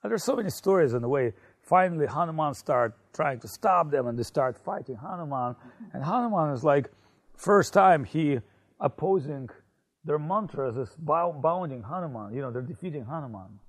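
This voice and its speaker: A man telling a story in a casual conversation, animated and full of fillers. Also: on the high side, normal speed. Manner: animated, many fillers and restarts, laughs. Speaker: spiritual speaker.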